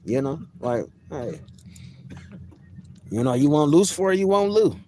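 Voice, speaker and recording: A man's voice: a little high, very animated, a little slow, dark tone, slight background noise. A man vlogging a casual, profane, boastful rant to his viewers from outdoors in public. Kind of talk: casual ranting monologue to camera.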